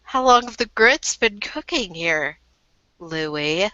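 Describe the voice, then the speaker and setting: A stern, fed-up female werewolf den mother, put on by a woman. She speaks slowly, with a bright, forceful edge, and gives dry commands. The voice-chat sound is dull and dry. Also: fairly low pitch, expressive, dry recording, exaggerated voice. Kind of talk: voiced tabletop role-play.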